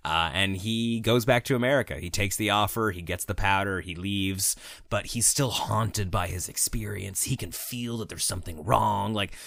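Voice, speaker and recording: A man's voice: lowish voice, moderate pace, gravelly, a bit bright, no room sound, studio quality. A man co-hosting a horror movie podcast, chatting casually, swearing freely and laughing often. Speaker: podcast co-host.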